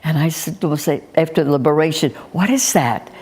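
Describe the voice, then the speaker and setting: An older woman, quietly recalling the past in an interview. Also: low-pitched, fairly quick, breathy edge. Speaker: Holocaust survivor interviewee.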